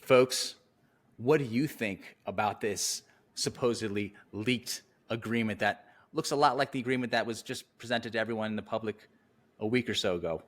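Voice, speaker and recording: A man's voice: lowish voice, moderate pace. A man co-hosting a golf podcast who speaks in a plain, direct way and sometimes reads document text aloud. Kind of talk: casual chat and reading a document aloud.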